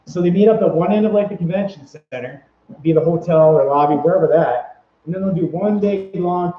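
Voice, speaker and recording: A man rambles cheerfully through casual advice, stumbling over his words and circling back. His voice sits a little high for a man. The sound is roomy and echoey, with a dull, lo-fi tone. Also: fairly quick. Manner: rambling, upbeat, many fillers and restarts. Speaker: vlogger giving convention tips.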